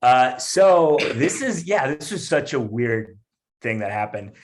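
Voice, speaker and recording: A male comedian, a guest on a podcast, telling a story in a casual, animated way with lots of fillers and restarts. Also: medium pitch, a little slow.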